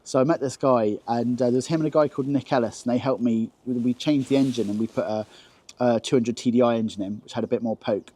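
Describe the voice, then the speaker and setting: An English man with an animated, anecdotal way of talking, telling stories about his car as an interview guest. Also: fast talker. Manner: animated anecdotes, jumps high for acted quotes. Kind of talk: casual storytelling interview.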